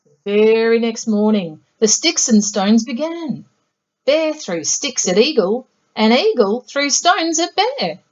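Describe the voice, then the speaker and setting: A woman reading a children's picture book aloud in a gentle, measured storytelling voice. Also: on the high side, big pitch swings, dull audio. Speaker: storybook reader.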